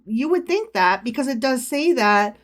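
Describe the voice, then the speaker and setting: A woman with a slightly high voice hosts a casual podcast quiz, teasing her partner with profane jokes. She reads passages aloud between playful jabs. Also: animated, normal speed. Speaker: podcast co-host.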